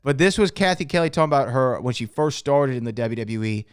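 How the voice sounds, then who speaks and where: An upbeat man co-hosting a podcast, introducing clips and asking for reactions. His voice comes across smooth and resonant, recorded dry and close. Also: mid-range voice, lively intonation, a little fast, no room sound. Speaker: podcast co-host. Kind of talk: casual chat.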